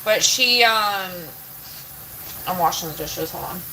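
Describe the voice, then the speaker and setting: Chatty woman streamer, bright and sharp tone, rambling and peppered with "like" and swearing, kitchen sizzle faintly behind. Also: lowish voice, slow pace, slight background noise, rough recording. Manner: rambling, heavy use of "like", casual swearing. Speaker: livestreamer chatting with viewers. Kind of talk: casual chat. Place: home kitchen, doing chores.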